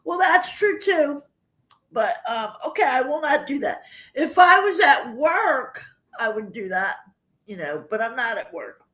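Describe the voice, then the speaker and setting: A woman's voice: sits high, big pitch swings, measured pace, fairly bright tone. An older woman hosting a livestream, chatting casually with viewers and rambling through personal stories. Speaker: livestream host.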